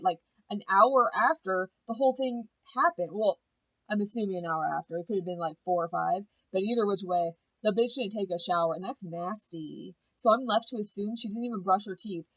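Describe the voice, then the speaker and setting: A woman's voice: medium pitch, no echo, dull audio. A woman giving a blunt, profane, opinionated casual recap of a reality show.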